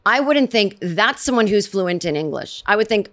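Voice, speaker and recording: A woman's voice: medium pitch, animated, normal speed, hardly any pauses, a bit bright. A woman hosting her own comedy podcast, talking solo in a rambling, sarcastic way with many restarts and asides. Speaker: podcast host.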